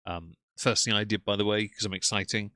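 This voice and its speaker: A man's voice: on the low side, fairly even intonation, fairly quick, pushed and bright, no echo, clean studio sound. A man hosting a livestream, commenting on clips with sarcastic, mocking asides. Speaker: commentary streamer.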